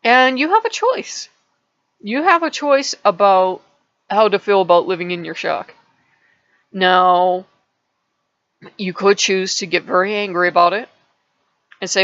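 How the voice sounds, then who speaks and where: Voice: medium pitch, unhurried, pauses often, fairly bright tone, lo-fi sound. A channel host telling a parable in a casual vlog, rambling and restarting words often.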